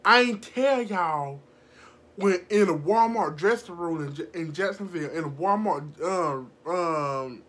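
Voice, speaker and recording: A young woman telling a casual storytime vlog, animated and profane, laughing often and acting out the people in her story. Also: fairly low pitch, a little slow. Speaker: vlogger.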